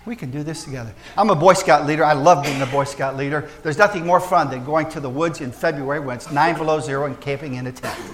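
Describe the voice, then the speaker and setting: A man preaching a sermon as pastor, folksy and joking with the congregation, swinging between loud emphasis and soft, hushed asides. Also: a little high, fast, hardly any pauses, noisy background. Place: church.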